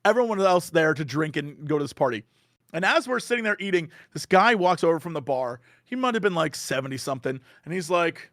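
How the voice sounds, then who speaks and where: A man with a high, animated voice tells stories on a podcast, acting out the voices of the people in them. He laughs often in the middle of sentences. His voice swoops widely in pitch. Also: fairly quick, no echo, clean studio sound. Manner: animated storyteller acting out quotes. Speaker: podcast guest. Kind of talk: casual podcast chat.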